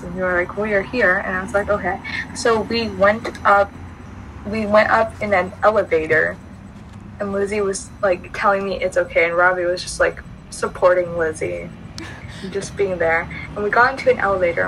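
A woman's voice: fairly low pitch, noisy background. A young woman chatting on a podcast, retelling a dream with many fillers and restarts, recorded outdoors near a street. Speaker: podcast co-host. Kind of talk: casual chat, retelling a dream.

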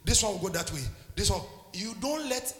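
A man's voice: sits high, animated, brisk, reverberant, big-room sound. A man preaching a sermon as a pastor, impassioned and calling out to his congregation.

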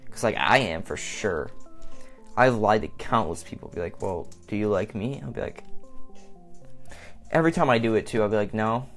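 A man's voice: on the low side, expressive, normal speed, pauses often, fairly bright tone, soft background music. A man talking on his own in a casual vlog, rambling between topics, swearing, and often saying "like.". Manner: rambling and self-mocking, swearing, frequent "like". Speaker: vlogger. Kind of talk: casual solo monologue.

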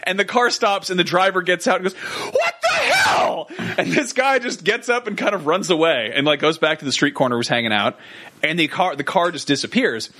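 A podcast co-host with a high voice speaks briskly and shouts while recounting a story on a comedy podcast. He's animated, acting out voices and laughing a lot.

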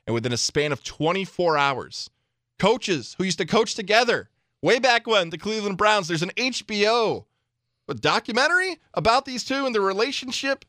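A man co-hosting sports talk radio, energetic and emphatic in quick banter on a studio microphone. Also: high voice, no echo.

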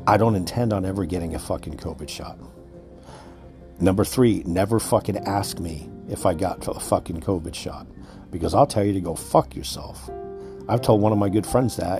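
A man hosting a podcast, delivering an angry, swear-filled rant that lectures his listeners. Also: low-pitched. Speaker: podcast host.

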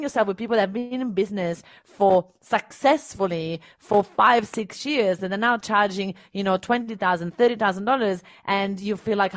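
A woman hosting a live coaching session, talking in an energetic, encouraging and emphatic way. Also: mid-range voice, a little fast, hardly any pauses, no echo. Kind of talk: live-stream coaching chat.

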